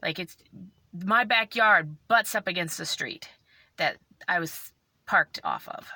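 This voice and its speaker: Bright-voiced tearful woman vlogger. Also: on the low side, takes it slowly, no echo. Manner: animated, emotional storytelling. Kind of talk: casual storytelling.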